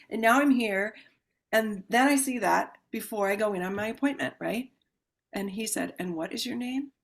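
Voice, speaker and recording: Animated woman telling a vivid story. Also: medium pitch. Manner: animated, acts out quoted voices with sudden loud exclamations; calm explaining voice when describing the ritual. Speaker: podcast guest, healer. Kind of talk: casual storytelling interview.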